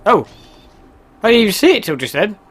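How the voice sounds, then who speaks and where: Male let's-play host, chatty and excitable, slightly high voice. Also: a little fast. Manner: chatty, excitable, laughs often. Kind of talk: casual gameplay commentary.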